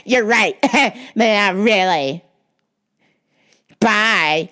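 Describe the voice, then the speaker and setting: A woman's voice: mid-range voice, expressive, extremely slow, long pauses, bright, forceful tone. A woman hosting a podcast, ranting bluntly and profanely with frequent laughs, her nose stuffed up and her voice fading. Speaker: podcast host. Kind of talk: casual profane podcast rant.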